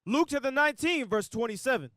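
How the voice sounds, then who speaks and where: A man reads scripture aloud in a sermon, taking each verse slowly and with formal care. His voice sits very high for a man, and the sound is dry and close. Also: expressive, bright, forceful tone, dry recording. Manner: slow, deliberate, formal reading. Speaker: scripture reader.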